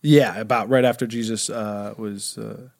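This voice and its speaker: A man's voice: lowish voice, steady tone, normal speed, gravelly, a little mellow. Profane, rambling man telling stories. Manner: profane, rambling comic storytelling. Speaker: podcast guest. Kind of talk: casual chat.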